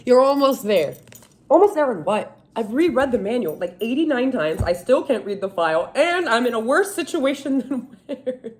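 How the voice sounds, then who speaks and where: A woman venting in a casual, animated monologue, exasperated and self-mocking. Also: on the high side, moderate pace, hardly any pauses. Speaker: vlogger.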